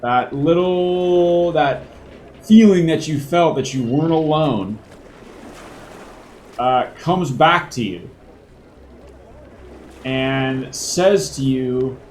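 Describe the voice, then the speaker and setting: Slow, rambling game master. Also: male voice, a little high, lively intonation, darkish tone, slight background noise. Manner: rambling, with many fillers and crude words. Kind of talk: narrating a tabletop game.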